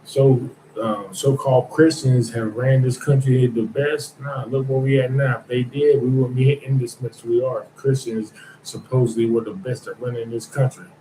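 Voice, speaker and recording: A man rambles through a casual podcast monologue, blunt and profane, full of restarts and asides. His voice sits at an ordinary pitch. The room around him is echoey, with faint background ambience. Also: level tone, moderate pace, noisy background. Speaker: podcast host.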